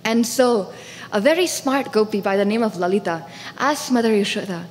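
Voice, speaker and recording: Animated woman telling a devotional story. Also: medium pitch, moderate pace, long reverb tail, a little hiss or hum. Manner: animated, voices characters. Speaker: storyteller speaker. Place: temple hall.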